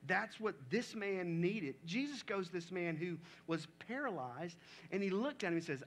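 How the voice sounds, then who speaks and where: A man's voice: high voice, expressive, moderate pace. A male pastor preaching a sermon in a conversational way, reading scripture aloud and talking it through.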